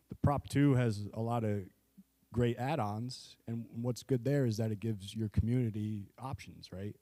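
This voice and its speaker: A man's voice: lowish voice, dark tone, dry recording. A man consulting on a capital project. He presents to a school board in a conversational way, with restarts and frequent "right?". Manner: conversational, many restarts and tag questions. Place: public meeting room. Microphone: table microphone.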